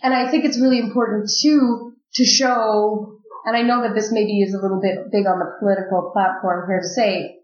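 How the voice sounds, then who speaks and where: A woman's voice: mid-range voice, steady tone, a little fast. A woman hosting a casual interview chat. She talks freely, laughs often and asks follow-up questions. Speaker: podcast host. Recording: roomy, slightly dull recording.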